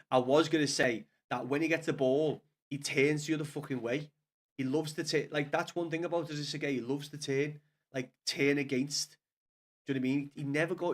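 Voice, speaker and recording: A man with a Scouse accent talks his viewers through a football match as it happens, swearing and venting his frustration as he rambles on. His voice sits fairly high for a man. He is recorded in a small home studio room. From Liverpool, England. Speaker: streamer watching a match live. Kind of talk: live watch-along commentary.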